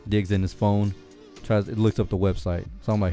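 A man with a lowish voice tells a rambling, profane story to friends. He laughs often and gets loud and high when worked up. Faint music plays underneath. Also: flat delivery, a little fast. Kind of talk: casual storytelling chat.

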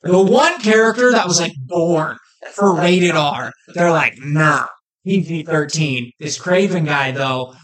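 A man co-hosting a casual fan podcast, talking with excited, animated energy. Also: sits high, a little slow. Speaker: podcast co-host. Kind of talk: casual chat.

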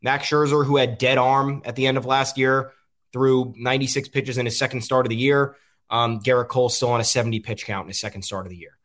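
A male host works through his frustration in a loose, rambling sports commentary. His speech is full of ums and restarts. His voice sits at an ordinary middle pitch. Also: fairly even intonation, fairly quick, fairly bright tone. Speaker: podcast host.

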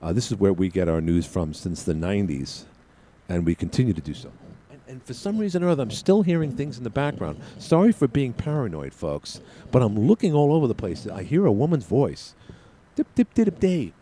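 A man's voice: lowish voice, lively intonation, brisk, mellow. A male radio talk show host talking solo in a studio, rambling with frequent restarts and asides. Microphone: studio mic with headset.

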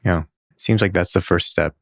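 A man with a low voice co-hosting a casual podcast. He answers calmly and supportively and steers the show to its close. The recording is dry and close. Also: brisk, vocal fry, no room sound. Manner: calm, supportive, wraps up the show. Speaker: podcast co-host.

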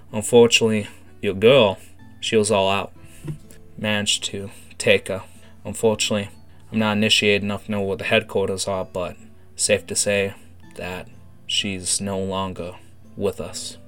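A man voicing a secretive male gang member working undercover, speaking in a hushed, slangy, hesitant way, over faint guitar music. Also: fairly low pitch, lightly acted.

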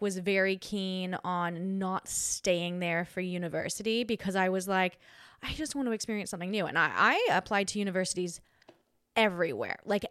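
A woman's voice: medium pitch, no echo, clean studio sound. A young Australian woman hosting a podcast, chatting casually on her own, giggly and rambling with frequent restarts. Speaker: podcast host. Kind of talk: casual solo chat.

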